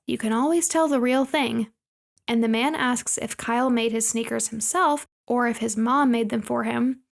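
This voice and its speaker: Gravelly higher-voiced woman recapping a movie. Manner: brisk plot summarizing with playful asides. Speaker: podcast co-host. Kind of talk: casual movie recap chat.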